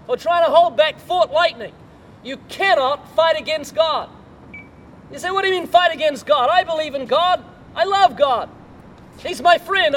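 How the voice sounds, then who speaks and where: A man's voice: very high-pitched, fairly bright tone, slight background noise. An older man preaching a sermon, telling a story and putting rhetorical questions to the listener.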